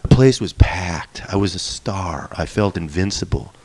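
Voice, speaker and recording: A man's voice: sits low, animated, measured pace, darkish tone, slightly rough. A middle-aged man telling a personal story in a wry, candid way, swearing now and then for emphasis. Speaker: musician and storyteller.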